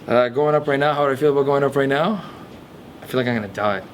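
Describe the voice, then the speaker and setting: Fast-talking, candid young man. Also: mid-range voice, slight background noise. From Portuguese family background. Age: 20s. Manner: candid, rambling, with frequent restarts. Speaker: comedian being interviewed. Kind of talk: documentary interview.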